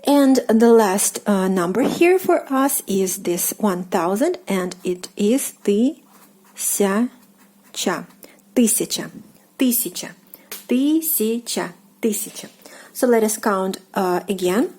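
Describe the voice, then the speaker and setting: Woman, Russian accent, language teacher, slow pace, mellow tone, hesitant fillers. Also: mid-range voice, lively intonation. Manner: hesitant, many fillers, repeats words slowly. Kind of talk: casual teaching.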